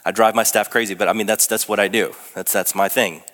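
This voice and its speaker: A man's voice: lowish voice, steady tone, fast talker, a bit bright. A young man preaching a sermon as pastor, in a conversational, self-deprecating way with frequent restarts. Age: young adult. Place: church sanctuary. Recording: long reverb of a church sanctuary.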